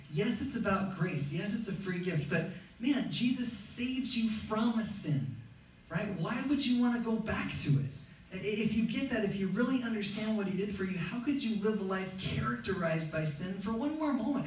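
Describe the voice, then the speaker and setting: Emphatic high-voiced pastor in echoey hall. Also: male voice, slight background noise. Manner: conversational, emphatic, often asks "right?". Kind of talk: sermon. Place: church sanctuary. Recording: very echoey church hall, mic at a distance.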